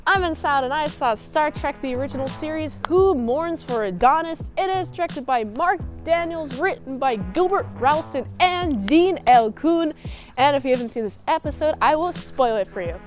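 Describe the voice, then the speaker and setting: High-voiced chatty young woman reviewer. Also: animated, normal speed, faint music behind. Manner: chatty, giggly, lots of filler words and restarts. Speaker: TV episode recap host. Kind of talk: casual spoken review.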